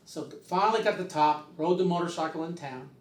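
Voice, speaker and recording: An older man spins a casual, meandering tale at a quick pace, his voice fairly high, and he drops into impressions of other people as he goes. The audio is roomy, with him positioned distant from the microphone.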